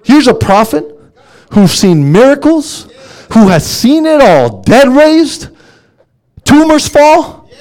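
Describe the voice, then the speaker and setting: A man's voice: very high voice, very animated, slow, darkish tone. A man preaching a sermon with an impassioned, repetitive cadence. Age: adult with young sons.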